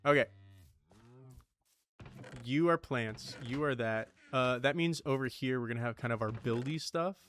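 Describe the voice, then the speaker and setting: Bright-voiced man chatting while gaming. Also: medium pitch, unhurried, pauses often, slight background noise. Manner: chatty, swears, talks to game items. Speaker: gaming streamer. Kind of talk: casual let's-play commentary.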